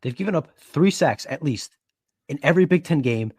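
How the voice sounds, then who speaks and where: Steady analytical man on a podcast. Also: fairly high pitch, normal speed, slightly rough, no room sound, studio quality. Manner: steady, analytical, stats-heavy explaining. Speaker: podcast co-host. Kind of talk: casual sports podcast analysis.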